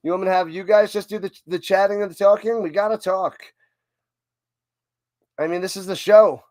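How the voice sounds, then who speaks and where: A man's voice: high voice, fairly even intonation, moderate pace, a little mellow, no room sound. A man hosting a live stream, chatting casually about football in a rambling, self-interrupting way. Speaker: livestream host.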